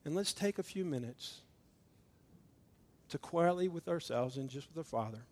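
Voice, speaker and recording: A middle-aged man preaches at a communion service, his voice sitting a little higher than most men's. He pushes hard on key points, then drops to a near hush, and acts out the voices in his stories. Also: animated, normal speed. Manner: swings from loud emphatic preaching to hushed intimate tones; storytelling with acted-out dialogue. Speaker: pastor. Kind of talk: communion sermon.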